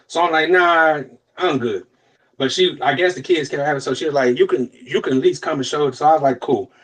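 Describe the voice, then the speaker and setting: Profane storytelling man, animated delivery. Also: a little high, brisk. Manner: animated, profane, acts out quotes in other voices. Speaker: podcast co-host. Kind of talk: casual storytelling chat.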